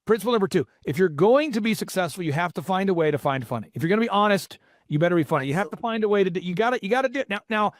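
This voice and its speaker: A man's voice: high-pitched, expressive, racing, no echo, clean studio sound. A man in his forties hosting a business podcast, telling stories energetically with many fillers and restarts. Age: 40s. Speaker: podcast host and business coach. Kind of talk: motivational business talk.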